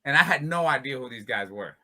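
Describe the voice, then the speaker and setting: A man with a very bright, sharp-edged voice spins loose, casual stories as a fighter on an interview show. He keeps slipping into laughter while he talks. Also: mid-range voice, animated, fast. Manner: laughs often while talking. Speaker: bare-knuckle fighter, interview guest. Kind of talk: casual storytelling.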